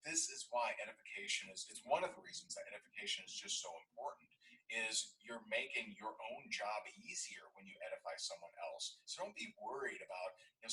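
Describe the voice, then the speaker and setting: A man's voice: lowish voice, pushed and bright, far from the mic, rough recording. A man coaching on network marketing, telling a story and acting out the voices in it. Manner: storytelling, acts out voices in his anecdote. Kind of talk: motivational teaching talk.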